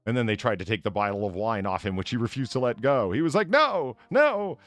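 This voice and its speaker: A man's voice: lowish voice, quick pace, dry recording. A man hosting a casual podcast, reading odd news stories aloud, laughing often and tripping over words. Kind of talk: casual chat.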